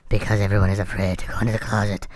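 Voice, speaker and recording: A woman putting on a creepy, low, drawn-out voice to read out a school notice in a game. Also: little pitch movement, a little mellow. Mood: eerie. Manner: slow, eerie, drawn-out delivery.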